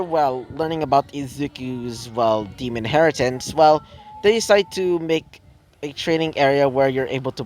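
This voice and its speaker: Rambling young male storyteller, slow. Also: mid-range voice. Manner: rambling, filler-heavy, many "well"s and "like"s. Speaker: fan fiction narrator. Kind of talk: improvised story narration.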